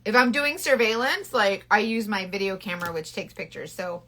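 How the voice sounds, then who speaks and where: A woman's voice: medium pitch, moderate pace, bright, forceful tone. A woman selling makeup, chatting playfully through a casual live makeup tutorial on a phone and answering viewers as she goes. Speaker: makeup consultant selling cosmetics.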